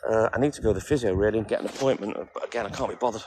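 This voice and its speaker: A man's voice: on the low side, rapid-fire, music in the background, rough recording. A man from North Wales with a North Welsh accent, chatting casually and wryly on a livestream and answering viewers by name. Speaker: livestream host. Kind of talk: casual live chat with viewers.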